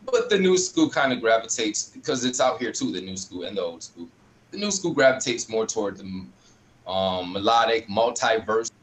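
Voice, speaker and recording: A man's voice: on the low side, very animated, normal speed, a little hiss or hum, rough recording. A man from upstate New York talking in a laid-back, slangy, rambling way as a guest on a video call. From Rochester, New York. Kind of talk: casual video call interview.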